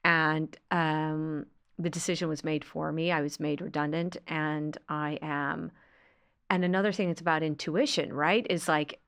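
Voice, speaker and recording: A woman's voice: low voice, steady tone, moderate pace, a bit bright, smooth. A woman hosting a podcast, talking in a chatty, agreeable, rambling way. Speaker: podcast host. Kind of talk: casual podcast conversation.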